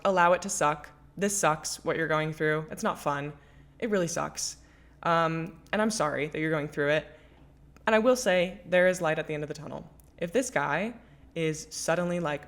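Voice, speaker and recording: A young woman with a low-pitched voice hosts her own podcast, talking through listener letters. She speaks candidly and emphatically, swearing freely in a loose, chatty way. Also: normal speed, a bit bright. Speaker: podcast host. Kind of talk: casual chat, reading listener letters.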